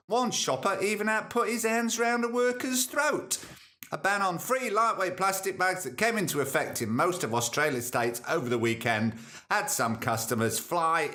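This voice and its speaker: A man's voice: sits high, noisy background. A man hosting a comedy podcast, reading news items and ranting about them with sarcasm. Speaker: podcast host. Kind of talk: comic news commentary.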